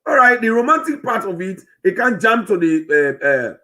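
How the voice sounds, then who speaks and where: A man who hosts a political commentary channel rambles through an opinion piece in a Sierra Leonean Krio-English accent, searching for words and restarting often. His high voice is sing-song, a little slow, pushed, and bright.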